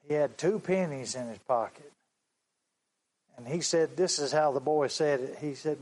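A man preaching a sermon, telling a story slowly and earnestly and repeating his phrases. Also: on the high side, a little mellow, rough recording.

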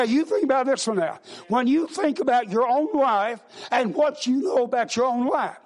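A man preaching a sermon in a folksy way, calling out to the congregation and often repeating and restarting his words. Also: extremely high pitch.

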